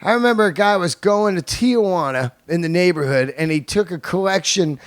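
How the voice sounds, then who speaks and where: A man's voice: high voice, lively intonation, a little fast, hardly any pauses, dry recording. Comedian host in his fifties, cursing casually, telling stories, bone-dry mic. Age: 50s. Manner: loose, profane, joking storyteller. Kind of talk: casual podcast monologue.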